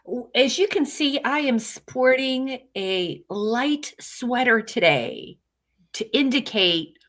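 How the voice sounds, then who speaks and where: A woman panelist on a video call, friendly and unhurried in casual chat. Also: a little high, lively intonation, fairly bright tone.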